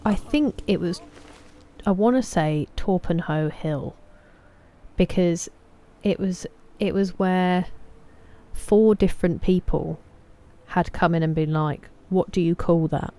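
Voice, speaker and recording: A woman's voice: lowish voice, slow pace, warm tone. A young woman from England with an English accent, streaming a game and chatting casually with her live chat, greeting viewers by name. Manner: chatty, reads viewer names and greets them.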